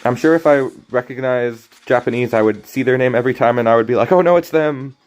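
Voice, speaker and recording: A man's voice: mid-range voice, fairly even intonation, fast. A man casually commentating his own card game stream, rambling and joking, often cutting himself off and apologizing. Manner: rambling, jokey, self-interrupting, apologetic. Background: faint game music.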